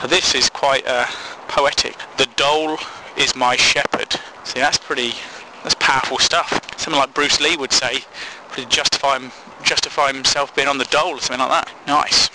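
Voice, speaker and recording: A man's voice: mid-range voice, steady tone, brisk, noisy background. A man hosting a casual comic monologue, rambling and laughing at his own sarcastic asides. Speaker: comedy blog host.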